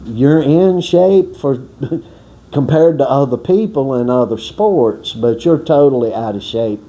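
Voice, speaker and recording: On a boxing workout channel, a storyteller with a medium-pitched, warm voice speaks slowly through a long, meandering tale. He's casual, folksy and profane, restarts often, and performs other people's lines as he goes.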